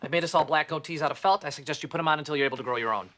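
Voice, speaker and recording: A theatrical schemer, rattling off grand plans at breakneck speed. His voice sits a little high and never slows down. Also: sharp tone. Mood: grandly scheming. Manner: rapid, theatrical declaring. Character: scheming young man, mock-grand, proposing evil.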